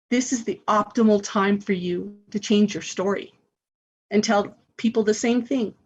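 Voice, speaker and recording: A woman's voice: mid-range voice, moderate pace, darkish tone, husky, dull audio. A woman hosting a spiritual self-help radio show, talking in an earnest, encouraging way.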